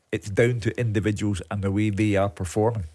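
A man's voice: lowish voice, fairly even intonation, moderate pace, mellow. A man giving blunt, assertive football punditry in a radio studio.

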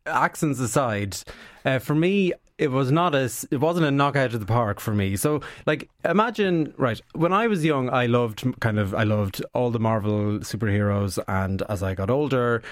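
A man's voice: medium pitch, lively intonation, moderate pace, no echo, studio quality. A man as a radio guest, rambling conversationally about films. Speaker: film critic guest. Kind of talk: casual radio chat.

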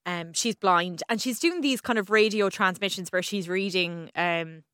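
A woman's voice: on the low side, normal speed, fairly bright tone, clear, resonant tone, no echo, clean studio sound. An Irish woman chatting casually on the radio as a TV reviewer, laughing often and restarting her sentences. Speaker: TV and film reviewer.

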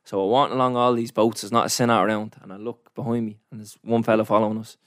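Fast-talking Irish man telling a story. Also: on the low side, no echo, clean studio sound. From Ireland. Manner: animated anecdote-telling, slangy and sweary. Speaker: storyteller in a chat. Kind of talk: casual chat.

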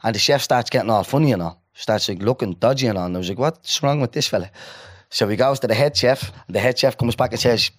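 Man telling an animated story. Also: mid-range voice, fast. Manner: animated storyteller, acts out quoted people. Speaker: podcast co-host. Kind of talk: casual chat.

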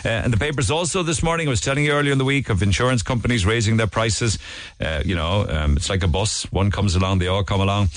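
Deep-voiced Irish radio host. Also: male voice, fast, no echo. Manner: chatty and digressive, with frequent restarts and asides. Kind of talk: casual newspaper review chat.

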